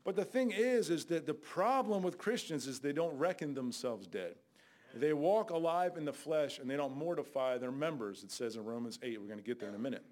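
A man's voice: animated, fairly quick. Fiery older male preacher, raised voice. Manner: loud, scolding, shifts between shouting and low asides. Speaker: guest preacher. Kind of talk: fiery Bible sermon.

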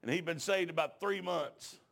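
Folksy preacher, gravelly and high. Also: male voice, moderate pace. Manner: folksy rural talk that rises into shouting. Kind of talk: revival sermon with storytelling. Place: church.

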